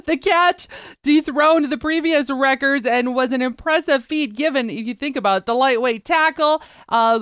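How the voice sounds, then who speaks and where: A woman's voice: a little high, fairly bright tone, clear, resonant tone, no echo, clean studio sound. A woman co-hosting a show, chatting casually about news stories. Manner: chatty, storytelling, laughs easily. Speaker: co-host.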